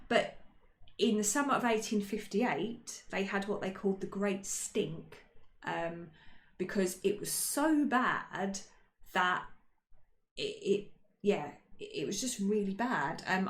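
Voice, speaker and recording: A woman's voice: medium pitch, lively intonation, a little slow, a little hiss or hum. A woman talks through history on a casual podcast, joking and filling gaps with ums. Her voice sits in a middle register. The room around her is roomy and echoes. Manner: chatty, jokey, many ums and self-corrections. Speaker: podcast co-host. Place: indoor room, shared with co-host. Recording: roomy echo.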